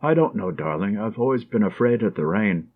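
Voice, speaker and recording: A man's voice: on the low side, lively intonation, brisk, phone-quality sound. A man voicing a tender, anxious young woman. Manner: soft, affectionate, gently teasing. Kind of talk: audiobook character reading.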